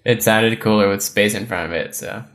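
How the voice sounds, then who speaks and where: A man's voice: lowish voice, moderate pace, fairly bright tone. A man co-hosting a podcast who chats casually about games in a laid-back, teasing way and laughs easily. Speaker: podcast co-host.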